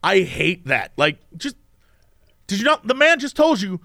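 High, lively-voiced man telling a story. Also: fairly quick, creaky, no room sound, clean studio sound. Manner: animated, acts out people's lines in mimicked voices. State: tired from no sleep. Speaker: podcast co-host. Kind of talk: casual storytelling chat.

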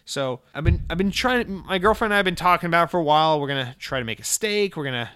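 A young man hosting a casual gaming podcast, chatting in a rambling, excitable way with lots of swearing and restarts. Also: on the high side, quick pace, smooth, no room sound, studio quality. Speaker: podcast host. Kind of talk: casual solo podcast chat.

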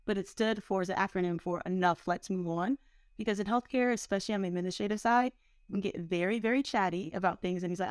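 A woman's voice: medium pitch, fast, dry recording, studio quality. A woman in her thirties, a healthcare executive, chatting as an interview guest in a friendly, conversational way. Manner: friendly, conversational, uses "like" often. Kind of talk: casual interview chat.

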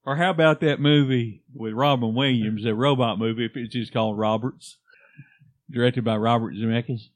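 A man's voice: medium pitch, steady tone, fairly quick, hardly any pauses, no room sound. A Scottish man co-hosting a podcast, joking around in casual banter and slipping into silly voices. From Scotland. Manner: playful, slips into silly put-on voices. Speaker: podcast co-host.

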